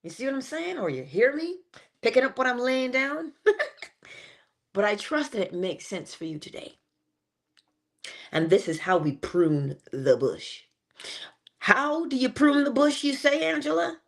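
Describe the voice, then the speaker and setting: A woman giving a motivational morning talk, animated and playful, with chatty asides. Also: high voice, unhurried, gravelly, pauses often. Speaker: inspirational speaker.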